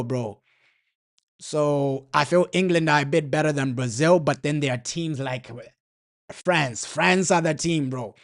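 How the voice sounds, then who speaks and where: Slangy man ranting over a live match. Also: on the high side. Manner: slangy, repetitive, frustrated ranting. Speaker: football watchalong streamer. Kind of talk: casual live match commentary.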